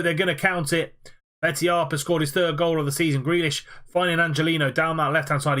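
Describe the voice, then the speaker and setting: Man, young adult, football game play-by-play, slightly raised pitch, frequent fillers. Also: a bit bright. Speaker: video game player commentating his own matches. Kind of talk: play-by-play football commentary over gameplay.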